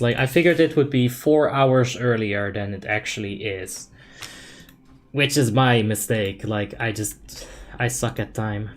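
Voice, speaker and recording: A young man casually commenting on his gameplay, reading chat aloud and explaining tactics in a laid-back, filler-heavy way. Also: mid-range voice. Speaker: game streamer.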